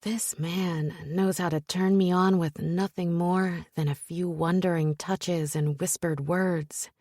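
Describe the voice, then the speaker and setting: A woman narrating a romance audiobook in the first person, with a soft, intimate and breathy delivery. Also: fairly low pitch, fairly even intonation, slow, no room sound, studio quality.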